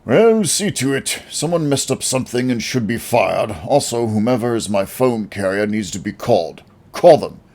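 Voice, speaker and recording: A man's voice: medium pitch, animated, moderate pace, few pauses, a little mellow, pitched above the performer's own voice. A man voicing a pampered, lazy rich boss in an audiobook, annoyed and demanding. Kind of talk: audiobook character voice.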